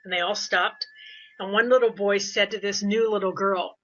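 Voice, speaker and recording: An older woman, a behavior consultant, speaking in a casual podcast interview and telling animated stories with quoted voices. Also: medium pitch, normal speed. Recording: dull lo-fi audio.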